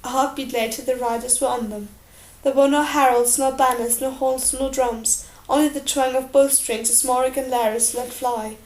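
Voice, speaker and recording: High-voiced woman reading an audiobook. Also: normal speed. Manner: steady, expressive storytelling. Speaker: audiobook reader. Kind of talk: audiobook narration. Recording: roomy echo.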